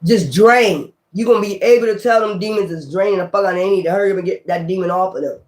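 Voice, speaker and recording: A tarot reader gives his viewers a casual, animated reading, talking bluntly and swearing. His voice is high-pitched and he speaks quickly.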